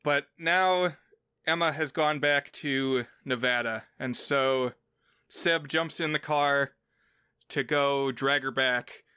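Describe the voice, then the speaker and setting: A man co-hosting a film podcast in a loose, chatty way, drifting into playful asides as he explains. His voice is bright and crisp, with a dry, close sound and no room around it. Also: medium pitch, slow, dry recording. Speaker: podcast co-host. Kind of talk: casual film podcast chat.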